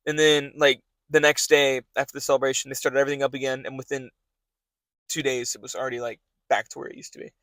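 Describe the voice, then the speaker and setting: A man's voice: mid-range voice, little pitch movement, fast, a bit bright, no room sound. A young man, hosting a podcast in loose, rambling casual chat full of fillers and restarts. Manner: rambling, filler-heavy talk with many restarts. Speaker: podcast host.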